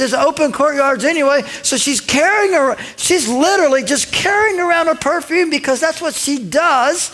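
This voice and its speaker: Animated male pastor preaching a sermon. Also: extremely high pitch, moderate pace, few pauses. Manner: animated storytelling, acting out characters' lines; conversational asides to the congregation.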